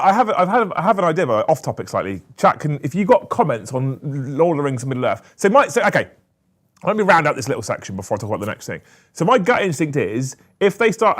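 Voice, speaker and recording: A man co-hosts a casual podcast, talking in an animated, lively way. He swears freely and laughs often. His voice sits at an ordinary middle pitch. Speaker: co-host.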